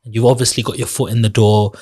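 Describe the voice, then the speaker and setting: A man's voice: fairly low pitch, level tone, quick pace, mellow. A man hosting a podcast interview, encouraging and affirming as he sets up his guest's questions. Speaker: host.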